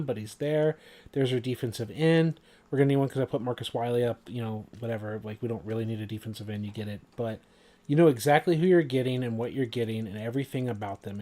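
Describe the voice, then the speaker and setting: A man's voice: medium pitch, darkish tone. A man giving casual, rambling commentary over a video game, full of fillers and asides. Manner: rambling, filler-heavy, conversational.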